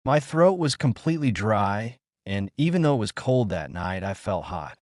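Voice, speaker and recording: A man with a fairly low voice recounts a spooky tale in the first person, tense and dramatic. The sound is dry and close to the mic, with no echo at all. His telling swells into anxious, rising outbursts. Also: big pitch swings, moderate pace, a little mellow. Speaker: storyteller. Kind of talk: dramatic horror storytelling.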